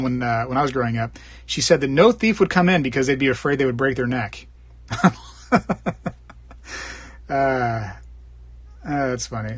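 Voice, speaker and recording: A man hosting a live stream, casually rambling and joking as he reads viewer comments. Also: no room sound. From Florida. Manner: rambling, jokey, puts on squeaky voices for bits. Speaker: live stream host reading chat.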